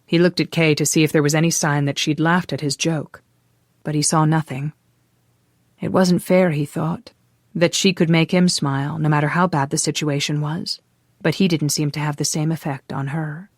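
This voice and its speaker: Measured audiobook narrator, mid-pitched, very dry close mic. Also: steady tone, dry recording. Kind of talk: scripted narration.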